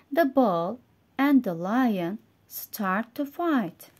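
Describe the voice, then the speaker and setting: Slow-speaking Turkish-accented woman teacher. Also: a little high, animated, a little mellow. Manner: slow, clear, explaining words one by one. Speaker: English teacher. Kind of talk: language lesson, reading a story aloud.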